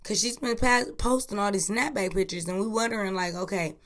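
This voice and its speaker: A woman hosting a casual news chat podcast, talking in a profane, lively way and recorded on an iPhone. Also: medium pitch, a little fast. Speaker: podcast host.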